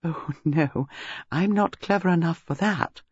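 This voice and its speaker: A man's voice: on the high side, unhurried, slightly rough, no echo. A man voicing a mild, old-fashioned elderly spinster with a prim, modest manner. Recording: dull lo-fi recording.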